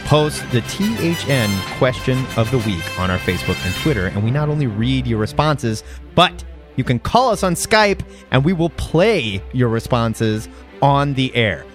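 A man co-hosting a casual comics podcast, laughing often and slipping into loud mock voices. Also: mid-range voice. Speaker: podcast co-host.

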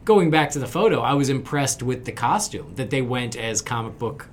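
A man's voice: medium pitch, animated, normal speed, a little hiss or hum. A man co-hosting a podcast, casually running through news with an upbeat, wry manner. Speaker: podcast co-host. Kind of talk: casual chat.

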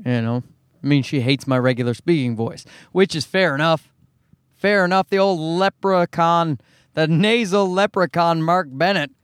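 A man with a Newfoundland accent, hoarse from a cold, hosting his podcast in a rambling, profane, self-mocking chat. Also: on the high side, normal speed, no echo, clean studio sound. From Newfoundland, Canada. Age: adult, married. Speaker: podcast host. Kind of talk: casual solo podcast chat.

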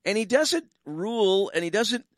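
A man's voice: high voice, sing-song, moderate pace, no room sound, clean studio sound. A Canadian man hosting a call-in talk radio show as a pastor, chatting in a joking, rambling way with lots of asides.

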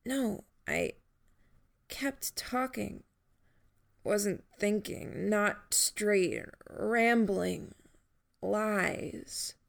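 A woman voicing a badly injured young man who speaks in reedy, breathy, broken phrases and is out of breath. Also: mid-range voice, extremely slow, long pauses, pitched above the performer's own voice. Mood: weak, halting.

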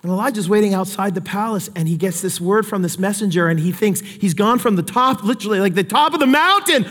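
High-voiced pastor preaching, animated and emphatic, long hall echo. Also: male voice, quick pace, hardly any pauses. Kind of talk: sermon.

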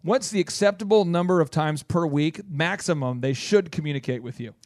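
A man hosting a business radio talk show in casual chat, playful, with jokey asides and quick questions. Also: on the high side, a little mellow, dry recording, studio quality. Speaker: radio host.

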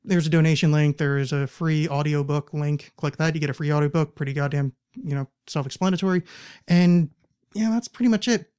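Guy hosting a podcast, rambly and jokey, slightly high voice, goofing through his plugs. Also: a little fast, a little mellow, clean tone. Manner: rambling, jokey, self-deprecating asides. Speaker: podcast host. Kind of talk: casual podcast intro with plugs. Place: Portland, Oregon.

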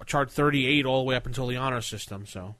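A man's voice: medium pitch, fast, fairly bright tone, dry recording. A man co-hosting a casual tabletop gaming discussion in a wry, matter-of-fact way. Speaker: podcast co-host.

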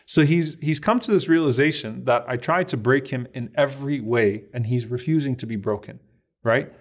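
A man's voice: mid-range voice, normal speed. A man giving a religious lecture, earnestly and dramatically retelling a story and sprinkling in Arabic devotional phrases. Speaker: preacher.

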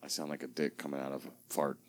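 A young man co-hosting a podcast, making crude jokes in casual banter and breaking into loud laughs. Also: a bass voice, little pitch movement, fast talker, no echo, studio quality. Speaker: podcast co-host.

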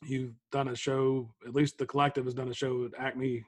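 Guy hosting a podcast, flat even voice, stops and restarts his questions, dry sound. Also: mid-range voice, moderate pace, no room sound. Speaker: podcast host. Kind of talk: interview questions.

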